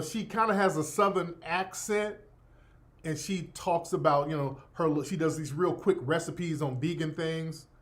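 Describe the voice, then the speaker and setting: A man hosting a talk radio show, riffing in a casual, profane monologue and repeating himself insistently. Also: high-pitched.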